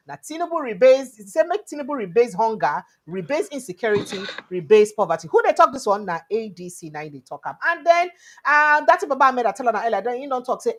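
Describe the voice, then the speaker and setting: A woman from Nigeria hosting a political talk show, speaking in Nigerian Pidgin and English, with animated commentary and lots of rhetorical questions. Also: mid-range voice, fast. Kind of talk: lively news commentary.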